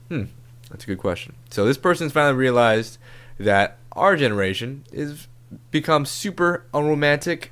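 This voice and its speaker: A man's voice: medium pitch, fairly bright tone, smooth. Laid-back cursing podcast host, a man. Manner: casual, profane, laid-back. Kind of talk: comedic podcast advice.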